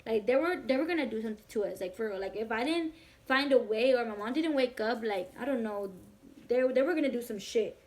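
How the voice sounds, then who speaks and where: A young woman tells a personal story straight to camera. Her voice sits a little high. She talks fast and animated, swears freely and fills her sentences with "like.". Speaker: vlogger. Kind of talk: casual storytime.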